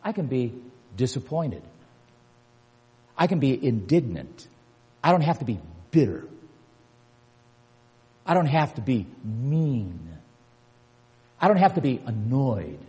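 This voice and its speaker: An older man preaching a sermon with emphasis, repeating key words and building to forceful peaks. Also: medium pitch, sing-song, slow pace, long pauses, breathy edge. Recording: long hall reverb.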